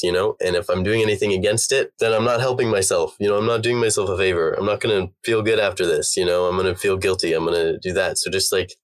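A young American man answering interview questions casually, rambling with lots of fillers. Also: sits low. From United States. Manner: rambling, filler-heavy with many "like"s. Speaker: guest.

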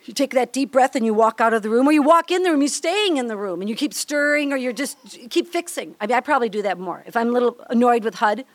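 Older Midwestern woman, high and bright, candid devotional speaker, dry close sound. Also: fast talker, hardly any pauses, dry recording. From Minnesota. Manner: chatty, candid, laughs often, acts out little scenes. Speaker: women's ministry speaker. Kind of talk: devotional teaching talk.

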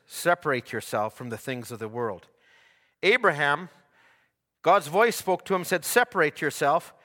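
A man preaching a fervent sermon as pastor, stammering into repeats and climbing to shouts. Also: medium pitch. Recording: long reverb in a church hall.

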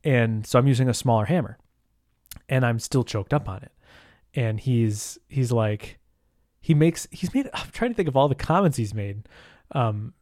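Man, solo podcast host, rambling casual talk, mid-pitched voice, dry close sound. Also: expressive, moderate pace, warm tone, dry recording. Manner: rambling, self-interrupting, full of fillers and mild swearing.

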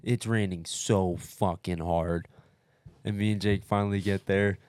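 A man telling a race story in casual chat, profane and animated, with lots of fillers and restarts. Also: sits low, unhurried, no room sound.

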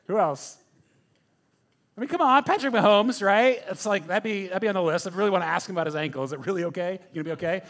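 A man preaching a sermon, telling a story with animated questions to the congregation. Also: sits high, fast. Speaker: pastor.

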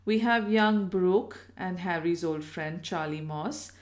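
A woman's voice: lowish voice, slow. A woman reading aloud and voicing a chatty, solicitous hostess who fusses over her guest.

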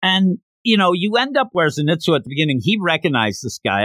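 A man hosting a podcast, recapping a comic in an animated, rambling casual chat. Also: fairly high pitch, fast talker, few pauses, no echo. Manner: animated, rambling retelling with lots of fillers. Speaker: podcast host.

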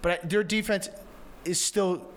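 A man with a high voice co-hosting a casual football talk show. He lays out his division rankings point by point, sounding sure of himself. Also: fairly even intonation, unhurried. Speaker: sports show co-host. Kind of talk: casual sports debate.

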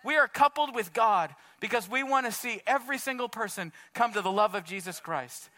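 A male pastor delivers a heartfelt sermon, his voice sitting high and ringing bright. He talks in a relaxed, everyday way, often calling his listeners "man". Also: brisk. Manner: casual, earnest preaching, says "man" often.

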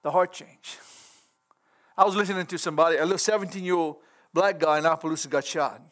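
Fervent high-voiced man preaching. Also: fairly even intonation, fast talker. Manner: fervent, rising to shouts, folksy grammar. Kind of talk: sermon.

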